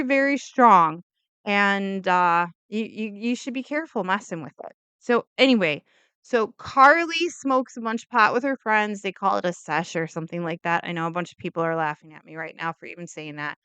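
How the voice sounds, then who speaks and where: Bright, crisp rambling woman vlogger. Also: medium pitch, no room sound. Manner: rambling, heavy use of "like", self-interrupting asides; opinionated, hedging disclaimers. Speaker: true crime YouTuber. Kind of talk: casual true crime storytelling.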